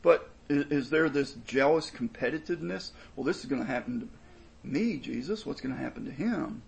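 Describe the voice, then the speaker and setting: Gravelly-voiced man preaching earnestly. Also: medium pitch, animated, a little fast, low-quality recording. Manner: earnest expository preaching, emphatic and repetitive. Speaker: pastor. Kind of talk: sermon.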